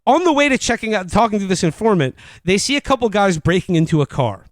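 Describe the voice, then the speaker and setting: High-voiced man rambling through a movie recap. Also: fast, hardly any pauses, no echo. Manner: rambling, laughing, mock-quoting lines in a flat voice. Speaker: podcast co-host. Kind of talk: casual comedic movie recap.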